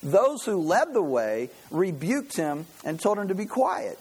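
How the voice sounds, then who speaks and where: A man preaching a sermon, telling stories with animated energy and acting out the voices. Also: high-pitched, unhurried, hardly any pauses, slightly rough, rough recording. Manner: animated storytelling, acts out voices. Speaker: pastor.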